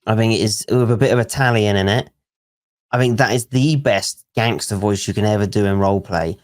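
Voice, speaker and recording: Halting podcast host. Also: male voice, on the low side. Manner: halting, eager questions. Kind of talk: casual interview chat.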